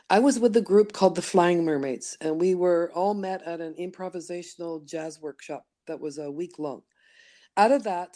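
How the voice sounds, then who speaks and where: A middle-aged woman from Canada talks through her story in a relaxed interview, slightly low in pitch. She keeps it animated, jumping into playful acted-out asides for the voice inside her head. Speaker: guest, studio founder and voice workshop leader. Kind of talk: conversational interview.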